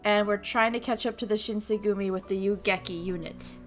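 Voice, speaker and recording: A woman VTuber casually streaming a visual novel, reading it aloud with excitable, crude, giggly commentary. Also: medium pitch, a little fast, soft background music. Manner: crude, excitable, laughs and swears often.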